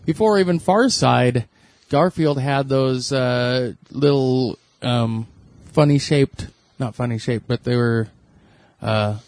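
A man's voice: mid-range voice, slow pace, a little mellow, no room sound. A man co-hosting a podcast, chatting casually and hesitantly, with many fillers and restarts. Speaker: podcast co-host. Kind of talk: casual chat.

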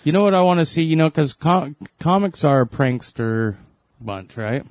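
A man in casual chat, eager and rambling, quick to agree. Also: a little high, animated, a little mellow, no echo.

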